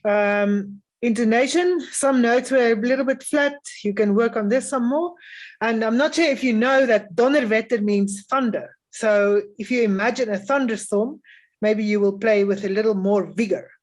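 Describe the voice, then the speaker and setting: Woman, music adjudicator, encouraging, measured, pauses with um, fairly high voice. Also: darkish tone. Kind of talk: spoken feedback to young string players.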